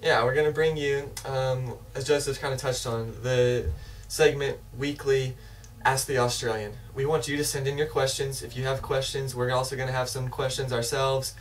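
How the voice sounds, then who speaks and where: An enthusiastic, loose host introduces his web show at a mid pitch. He sits away from the mic, so his voice sounds distant. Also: little pitch movement, normal speed, few pauses. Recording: voice from afar.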